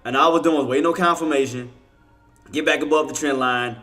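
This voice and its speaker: Frustrated bright-voiced man trading live. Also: a little high, fairly even intonation, fast talker, faint music behind. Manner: frustrated, repetitive, casual slang, cursing under breath. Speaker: day trading livestream host.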